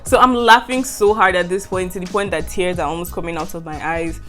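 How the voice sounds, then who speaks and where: A woman's voice: fairly low pitch, steady tone, fairly quick, fairly bright tone, soft background music. A young woman from Nigeria with a Nigerian English accent, telling a university story in a storytime vlog and laughing often. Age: young adult. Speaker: university student vlogger.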